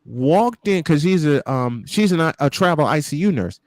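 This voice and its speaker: A man's voice: fairly high pitch, moderate pace, no echo. A man on a podcast hangout, telling family stories in casual chat and acting out the quotes. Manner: animated storyteller who acts out quotes. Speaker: podcast panelist.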